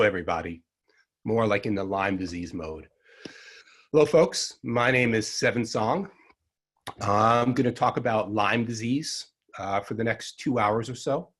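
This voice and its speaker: A man's voice: mid-range voice, expressive, normal speed, fairly bright tone, husky. An older man with a Long Island New York accent giving an online herbal medicine lecture, dry and sarcastic, rambling with frequent ums and asides.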